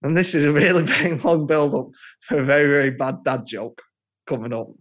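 High-voiced man, self-mocking. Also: fairly even intonation, fairly quick, a bit bright. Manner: rambling, self-mocking joke telling. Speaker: podcast co-host. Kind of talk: casual chat. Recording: dull lo-fi podcast audio.

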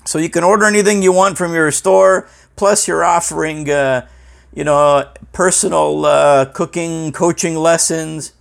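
A man's voice: fairly high pitch, normal speed, creaky. Teasing, foul-mouthed male host. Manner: teasing, profane, deadpan. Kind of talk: casual comedic interview.

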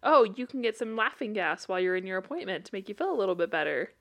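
A woman's voice: medium pitch, lively intonation, fast talker, a bit bright. Easygoing woman podcast co-host. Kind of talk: casual chat.

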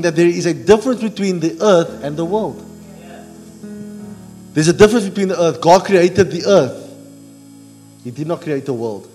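A middle-aged man, a pastor preaching a sermon and getting the congregation to finish Bible verses out loud. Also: high-pitched. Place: church hall. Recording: church hall reverb with music.

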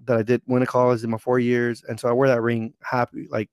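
A man's voice: mid-range voice, fast talker, clean tone, no room sound, clean studio sound. A young man from Texas telling a rambling, profane story in casual podcast chat. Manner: rambling, profane, animated retelling.

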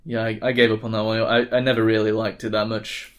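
A man co-hosting a casual film podcast. He gives short agreeing replies and asks quick questions. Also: lowish voice, monotone, a bit bright. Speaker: podcast co-host.

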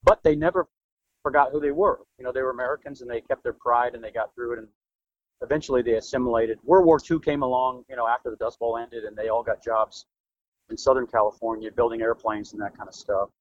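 A man's voice: mid-range voice, fast talker, no echo. Singer-songwriter guy from florida chatting in an interview, earnest storyteller, dry muffled sound. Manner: earnest storyteller, lively emphasis. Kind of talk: casual interview talk.

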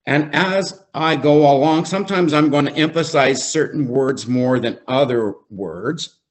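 A man speaks in an unhurried, deliberate way, leaning on repeated phrases as he reads and reflects on scripture. His voice sits at an ordinary middle pitch, and he leads a small faith-based recovery group. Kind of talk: devotional teaching.

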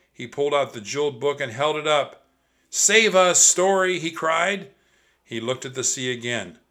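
A man reads a children's adventure story aloud at a slow, deliberate pace, speaking straight to the kids listening. His voice is on the low side yet bright and expressive.

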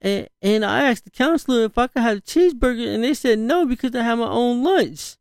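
A man's voice: extremely high pitch, lively intonation, brisk, creaky, clean tone, no echo, studio quality, pitched above the performer's own voice, exaggerated voice. A man voicing his young daughter, a tearful little girl who pleads in breathless run-on sentences.

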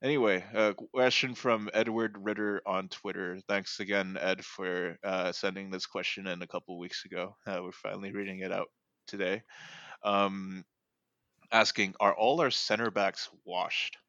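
Give me a deep-voiced man hosting a casual sports podcast, rambling with fillers, on a dull lo-fi mic. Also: little pitch movement, moderate pace, pushed and bright, no room sound. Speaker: podcast host.

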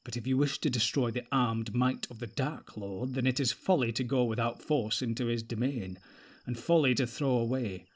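A proud, grave warrior, as an audiobook reader puts him on, speaks in measured, weighty tones and stumbles over his words when caught out. The voice sits at a middling pitch and stays close to the reader's own. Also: husky, lightly acted. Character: proud grave warrior man, inwardly torn.

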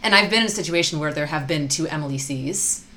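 A young woman joins a casual podcast chat with amused, wry remarks. Her voice sits on the low side for a woman. Faint noise runs beneath it. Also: fast talker, sharp tone. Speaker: podcast co-host.

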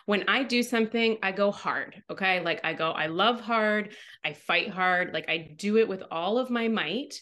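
A woman's voice: mid-range voice, normal speed, hardly any pauses, sharp tone. A woman co-hosts a casual podcast chat in a mid-range voice. She talks animatedly and acts out her own thoughts in bursts. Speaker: podcast co-host.

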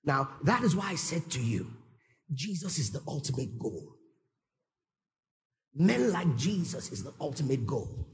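A man's voice: a little high, sing-song, a little slow, long pauses. A male pastor preaching a sermon emphatically, often exclaiming praise and checking that listeners follow.

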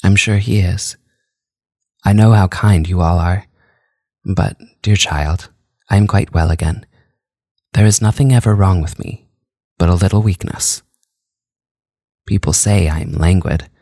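A man voicing a languid, drowsy young female vampire countess in an audiobook reading, speaking softly with sighs. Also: low-pitched, a little slow, long pauses, no echo, clean studio sound. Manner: languid, soft, sighing.

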